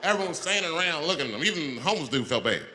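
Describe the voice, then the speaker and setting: A male stand-up comedian telling a profane, animated story to a live audience. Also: fairly high pitch, rapid-fire. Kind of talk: stand-up routine. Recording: live show, crowd and noise.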